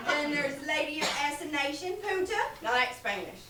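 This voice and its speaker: A woman's voice: high-pitched, recorded from a distance. An actress playing a teasing, catty diner waitress, drawing out her jabs. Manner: teasing, drawn-out catty delivery. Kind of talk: stage acting in a live play. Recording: echoey stage from afar, loud hiss.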